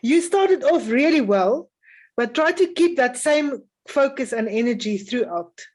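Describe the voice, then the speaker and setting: A woman adjudicating a music festival, giving calm, encouraging spoken feedback to young string players with frequent "um" pauses. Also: high-pitched.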